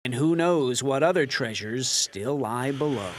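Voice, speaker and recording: A man narrating a television news feature as the reporter, measured and storytelling with playful turns. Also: medium pitch, animated, a little hiss or hum.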